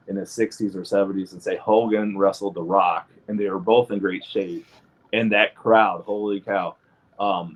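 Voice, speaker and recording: A man's voice: fairly low pitch, dull audio. A man, a guest on a podcast, chatting casually and talking at length, piling up dates and figures.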